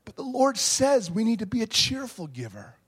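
A man preaching a sermon, animated, swinging from quiet reflection to shouting. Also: high-pitched, moderate pace, slightly rough. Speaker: pastor.

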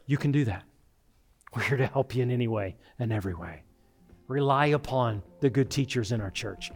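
A man's voice: mid-range voice, a little fast. A middle-aged man, a pastor, preaching a sermon in an earnest, direct way with repeated phrases.

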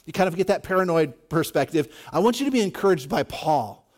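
A fairly high-pitched, animated man speaks fairly quickly, preaching a conversational sermon to his congregation as a pastor. His delivery is casual, full of repeated words and restarted sentences, and he says "you know" a lot.

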